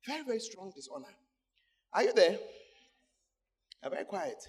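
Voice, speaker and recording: A man's voice: high-pitched, big pitch swings, moderate pace, a little mellow, slightly rough. A man pastor preaching a sermon, calling out to the congregation and laughing between points.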